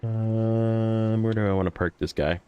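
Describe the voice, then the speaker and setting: Low-voiced joking game streamer. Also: male voice, steady tone, measured pace, smooth, dry recording, muffled recording, faint music behind. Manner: jokey, reads chat messages aloud and laughs easily. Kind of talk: casual live-stream chat while playing.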